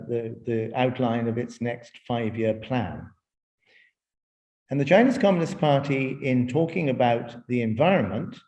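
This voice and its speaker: A man giving a webinar talk, explaining in a measured way and telling stories, with frequent restarts. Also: medium pitch, a little mellow, roomy sound. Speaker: speaker in a webinar. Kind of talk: lecture with storytelling.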